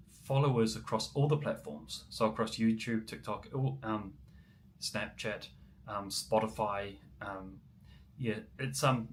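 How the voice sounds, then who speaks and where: A man's voice: medium pitch, a little hiss or hum. Chatty New man livestreaming. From New Zealand. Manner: chatty, answers viewer comments, many ums. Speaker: musician livestreamer. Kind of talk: casual livestream chat.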